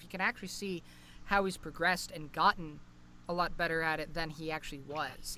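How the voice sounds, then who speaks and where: Bright-voiced young man, rambling. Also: fairly high pitch, slight background noise. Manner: rambling, hesitant, many fillers and restarts. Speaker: podcast co-host. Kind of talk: casual chat.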